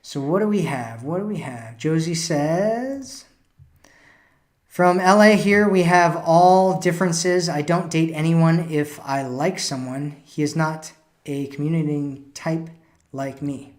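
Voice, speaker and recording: A man's voice: on the high side, measured pace. A man hosting a live stream as a dating coach, giving casual advice and reading out viewer comments, often tagging lines with "right?" and "you know".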